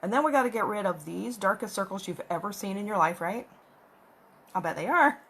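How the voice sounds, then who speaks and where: Recording on a phone camera at home with her cat, a makeup vlogger rambles chattily as she applies makeup. Her mid-range voice is slightly rough and a bit bright, with lively intonation and a fairly quick pace.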